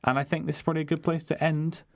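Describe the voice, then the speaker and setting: A man's voice: fairly high pitch, level tone. A young man co-hosting a casual podcast, rambling and arguing his point with many restarts. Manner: rambling, restarts often, quick to argue. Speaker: podcast co-host. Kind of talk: casual chat.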